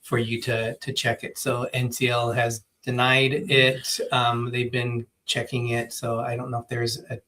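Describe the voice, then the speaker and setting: Halting, easygoing man in casual chat. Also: medium pitch, completely flat delivery, sharp tone. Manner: loose and halting, many fillers. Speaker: co-host.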